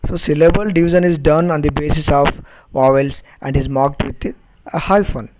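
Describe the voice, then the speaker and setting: A man teaching a phonetics lesson, repeating words and spelling them out deliberately, and checking understanding with questions. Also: on the high side, steady tone, darkish tone, a little hiss or hum, rough recording. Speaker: English teacher. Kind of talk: recorded phonetics lecture.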